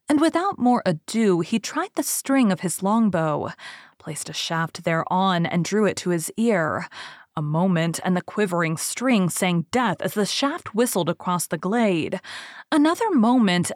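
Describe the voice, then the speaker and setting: A woman narrates a storybook in a measured, expressive reading. Her voice sits on the low side, and the recording is close and dry with no room sound. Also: dry recording. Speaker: audiobook narrator.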